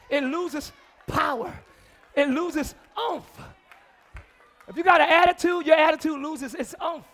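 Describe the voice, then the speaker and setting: A man preaching a live church sermon, shouting call-and-response lines to the congregation and laughing between exhortations. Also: extremely high pitch, slow, pauses often, a faint crowd. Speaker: pastor.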